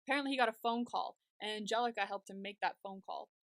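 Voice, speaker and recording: A young woman co-hosting a podcast speaks quickly at a medium pitch in a dry recording. She animatedly retells a TV episode in casual chat, filling her speech with "like" and other fillers.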